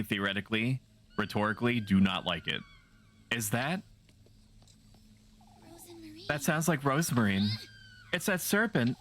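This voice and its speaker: A man livestreams a video game, chatting casually with viewers in a playful, rambling way and often making self-mocking jokes. His voice is fairly low-pitched with a sharp tone.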